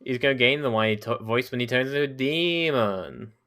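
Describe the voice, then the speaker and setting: A man's voice: mid-range voice, brisk, bright, forceful tone. A man playing in a tabletop game, chatting casually with the game master and offering joking suggestions. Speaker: player. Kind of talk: casual chat.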